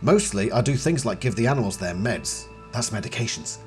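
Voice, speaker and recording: A man giving a casual book analysis and reading passages aloud, chatty and expressive. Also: lowish voice, brisk, soft background music. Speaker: book series reviewer.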